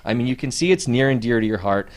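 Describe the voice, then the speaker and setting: A man's voice: mid-range voice, lively intonation, fast talker. A man hosting a local live show, interviewing guests with upbeat, joking banter. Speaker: host.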